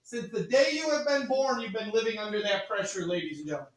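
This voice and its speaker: A male chemistry teacher running a classroom demonstration, joking with students, repeating "all right" and calling the class ladies and gentlemen. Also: high voice, fast talker. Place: school classroom. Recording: echoey classroom from far off.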